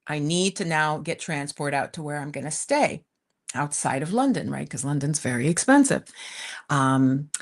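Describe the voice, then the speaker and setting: A middle-aged woman hosting a livestream, telling a personal story in a chatty, animated way with frequent laughs. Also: low voice, moderate pace. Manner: chatty and animated, often laughing and saying "you guys". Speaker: spiritual teacher hosting a livestream. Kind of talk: live-streamed personal storytelling.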